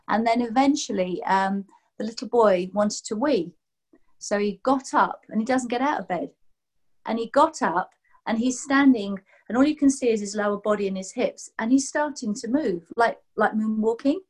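On a video call, a woman in her sixties who works as a massage therapist chats casually through a meandering story, animatedly performing what others said in voices. She speaks at normal speed in a mid-range voice.

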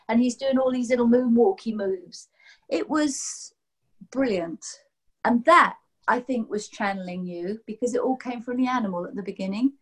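Brit lady in her 60s on a video call, bit high voice, chatty and rambly, does little voices for people. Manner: lively, rambling, acts out quotes in voices. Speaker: massage therapist and guest. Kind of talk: casual storytelling chat.

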